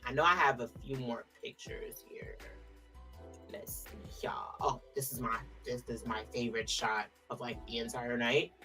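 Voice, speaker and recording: A woman's voice: extremely low pitch, fairly bright tone, recorded from a distance. A woman co-hosting a podcast, chatting casually and emphatically about last week's matches, full of slangy asides. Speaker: podcast co-host. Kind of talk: casual wrestling recap chat.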